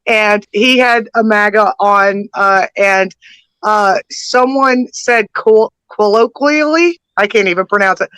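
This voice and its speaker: A woman's voice: medium pitch, steady tone, takes it slowly, sharp tone, smooth, no echo. A woman co-hosting a political livestream, sarcastic and casual, sometimes stumbling over her words. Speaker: livestream co-host.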